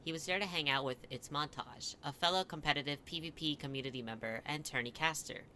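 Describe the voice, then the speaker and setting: A man's voice: on the high side, fast, sharp tone, slight background noise. A man reading a comic fan story aloud in a mock-dramatic way, with wry asides.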